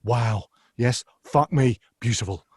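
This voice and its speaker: A man doing an impression of a restless, hyper-animated celebrity chef, exclaiming with punchy stressed words. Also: mid-range voice, slow pace, slightly rough, no room sound.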